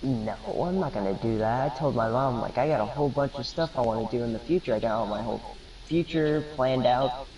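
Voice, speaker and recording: A man's voice: medium pitch, a little fast, a little mellow, distant mic, highs cut off. A young man telling a rambling story over voice chat while gaming, laughing often and acting out the lines of the people in it.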